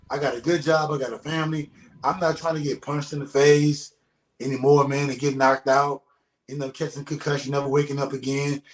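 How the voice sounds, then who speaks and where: A man, a retired professional boxer, talking bluntly and casually as an interview guest, with frequent swearing. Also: fairly high pitch. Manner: blunt, profane, emphatic. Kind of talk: casual conversation. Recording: echoey room.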